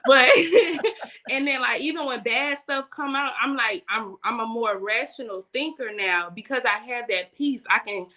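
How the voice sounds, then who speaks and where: A young adult woman guest telling faith stories in a casual, animated way, laughing often and speaking in vernacular. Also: a little high, a little slow. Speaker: guest, business owner.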